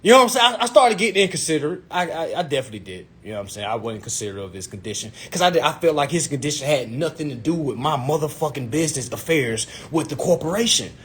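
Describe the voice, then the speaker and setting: A young man telling a personal story to his viewers in an animated, profane way, repeatedly asking if they follow him. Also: on the high side, fast, hardly any pauses. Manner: animated, profane, addresses viewers as "y'all", keeps asking "you know what I'm saying".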